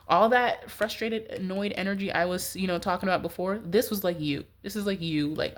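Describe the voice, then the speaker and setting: A woman's voice: fairly low pitch, fairly quick. Nasal, congested woman reading tarot. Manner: rambling, heavy use of "like". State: stuffy nose, congested. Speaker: tarot reader.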